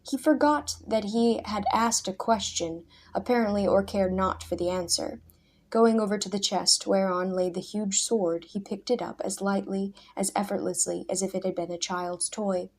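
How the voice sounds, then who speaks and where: A woman reading a storybook chapter aloud in a measured, expressive narrating voice. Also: medium pitch.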